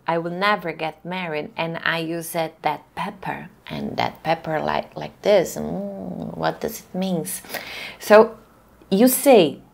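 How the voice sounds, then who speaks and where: Slow, gravelly woman teaching a voice class. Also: low voice. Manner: slow, deliberate teaching with frequent restarts. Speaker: voice coach. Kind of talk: online class lecture.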